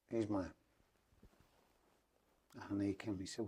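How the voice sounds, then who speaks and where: A man's voice: fairly low pitch, fairly even intonation, brisk, gravelly, pauses often, fairly bright tone, husky. A middle-aged man with an Irish Traveller accent, a podcast guest telling a long story in a rambling way and swearing over and over that it's true. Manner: rambling, repeats oaths of truth. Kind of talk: emotional storytelling.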